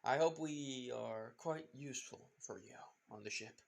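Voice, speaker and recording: A man's voice: mid-range voice, measured pace, creaky. A man voicing a polite young man joining a pirate crew, courteous and formal. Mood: grateful.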